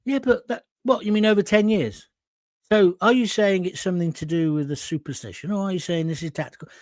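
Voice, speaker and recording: Reading out comments from viewers on his live opinion show, an older host rants sarcastically and indignantly. He sounds high-pitched and brisk with a darkish tone, captured in clean studio sound with no room echo.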